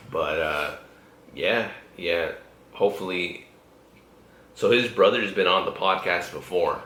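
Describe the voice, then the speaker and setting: A young man hosts a podcast in an echoey room, chatting casually with a laid-back, profane manner and frequent laughter. His voice is deep and slow, with long pauses and a sharp tone.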